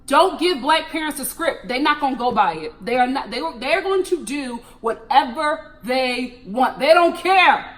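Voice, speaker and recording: A young woman chatting animatedly through a TV recap, breaking into laughs and jumping high in pitch for emphasis. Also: animated, a little slow, hardly any pauses, a bit bright. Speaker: TV recap vlogger.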